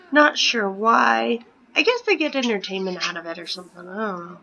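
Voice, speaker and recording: A gaming vlogger in her thirties plays a life-sim game at home, giving casual commentary and often dropping into a whisper. Her fairly high voice is expressive, moderately paced, creaky and sharp, with lo-fi sound.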